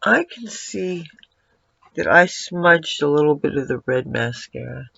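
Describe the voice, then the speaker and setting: A man's voice: fairly high pitch, expressive, a little slow, vocal fry, pushed and bright, slightly rough, no room sound. A man giving a casual makeup tutorial at home, rambling and breaking off to talk to his cat. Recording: dull lo-fi, dry sound.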